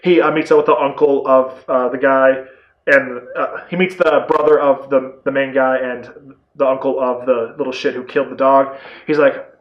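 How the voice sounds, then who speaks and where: Rambling, excitable man in an echoey room. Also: mid-range voice, moderate pace, lo-fi sound. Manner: rambling and excitable, heavy on "like", casual swearing. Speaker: movie reviewer. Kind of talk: casual spoiler-filled movie review.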